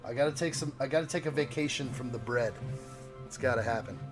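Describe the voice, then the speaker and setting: A man's voice: mid-range voice, fast, over music. A man hosting a casual live stream, joking around and reading viewer chat aloud. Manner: playful, jokey, reads chat aloud.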